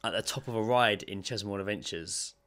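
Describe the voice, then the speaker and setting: A young man co-hosting a podcast, chatting casually with quick reactions and swearing. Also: fairly low pitch, fairly bright tone. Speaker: podcast co-host. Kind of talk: casual chat.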